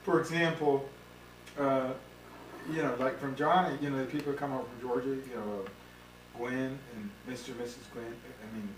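A man's voice: mid-range voice, fairly even intonation, normal speed. A man reminiscing in casual family conversation, rambling and correcting himself as he goes. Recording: echoey room, distant mic, faint hiss.

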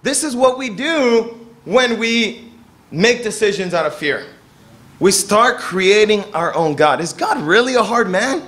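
A young man preaching a sermon as pastor, telling stories and acting out the people he quotes with lively energy. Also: sits high, unhurried. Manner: animated storytelling, acting out quoted voices.

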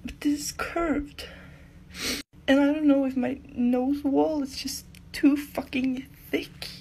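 Young woman filming herself on her phone, crying and frustrated, half-whispering, high and slow-spoken. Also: steady tone, warm tone, slight background noise. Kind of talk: tearful self-filmed vlog.

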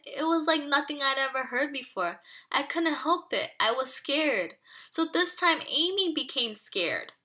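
Woman teacher, children's read-aloud, expressive and questioning, slightly high bright voice. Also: a little slow.

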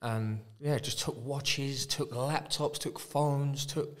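A man's voice: medium pitch, steady tone, slow. A man from South London with a Cockney accent, a guest in a casual interview, talking bluntly and defiantly and swearing freely. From South London, England. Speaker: interview guest, MMA fighter.

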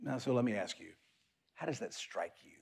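A man preaching a sermon as pastor of an online worship service, reflective, drifting into soft whispers as he leads the listeners. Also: mid-range voice, animated, normal speed, creaky, breathy edge.

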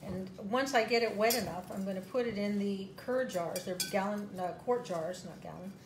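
A woman's voice: mid-range voice, normal speed, background noise. A woman hosting a casual cooking demonstration, chatting in a rambling way with plenty of fillers. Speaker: host. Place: home kitchen. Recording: echoey kitchen with clattering dishes.

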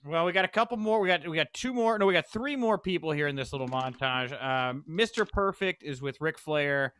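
A man hosting a podcast in casual chat, recapping events with lively, excitable asides. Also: a little high, a little fast, smooth. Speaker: podcast host.

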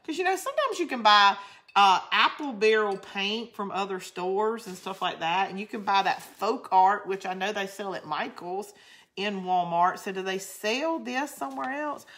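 A woman's voice: mid-range voice, expressive, normal speed, fairly bright tone. A woman with a Southern US drawl, hosting a craft channel in rambling, chatty talk while she answers viewer comments. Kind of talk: casual live crafting chat.

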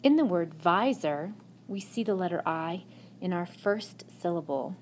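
Slow, patient woman teacher. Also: on the low side, animated, slight background noise. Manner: slow, patient, encouraging classroom delivery. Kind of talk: recorded phonics lesson. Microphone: tablet microphone.

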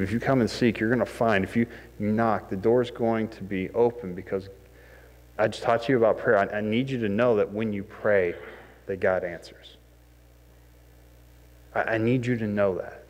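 Guy preaching a sermon, chatty and jokey about himself, acts out the scenes, big echoey church sound. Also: lowish voice. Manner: conversational, self-deprecating, acts out scenes in quoted voices. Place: church sanctuary. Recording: long hall reverb.

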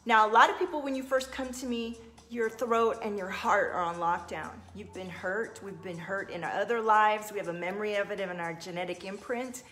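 A woman's voice: medium pitch, a little fast, few pauses, a bit bright. A woman hosting a livestream as a spiritual coach, talking earnestly and answering viewers' comments.

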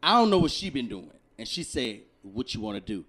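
A young adult man co-hosting a casual podcast, telling a story and acting out the quotes, swinging from low mutters to loud outbursts. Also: fairly quick. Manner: animated, acts out quotes with big swings from low mutters to shouts. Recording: noisy podcast recording.

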